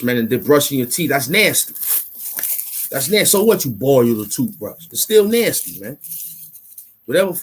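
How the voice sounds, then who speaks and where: A man hosting an online commentary show, ranting in a loud, mocking, animated way and repeating himself for emphasis. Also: fairly high pitch, breathy edge. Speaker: YouTube commentary host.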